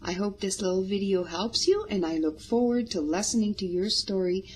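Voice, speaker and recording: A woman podcast host giving guests friendly instructions, expressive and demonstrating examples with her voice. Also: mid-range voice, normal speed, breathy edge, low-quality recording.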